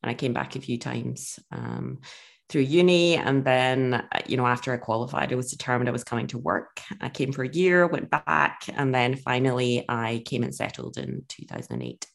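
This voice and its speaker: A woman's voice: a bass voice, lively intonation, moderate pace, creaky. A woman from Scotland, a podcast guest in casual interview chat, talking thoughtfully with frequent restarts and fillers.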